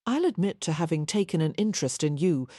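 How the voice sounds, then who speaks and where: A woman voicing a confident, presumptuous Russian nobleman with a soft Russian accent and a mild, assured manner, in an audiobook. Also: sits low, sing-song, fairly quick, no room sound, studio quality. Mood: smooth, teasing. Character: Russian prince, smooth, confident, presumptuous man.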